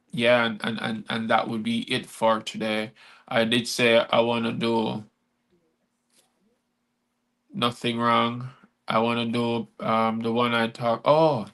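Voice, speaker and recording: A man's voice: medium pitch, a bit bright. A man hosting a live-stream chat who performs his spoken-word poetry in a rhythmic delivery. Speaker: host and poet.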